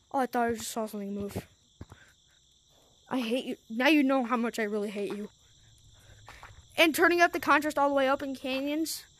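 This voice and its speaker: A woman's voice: high-pitched, a bit bright. A woman commenting casually on her gameplay, jumpy and easily startled, complaining as she goes. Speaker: game streamer.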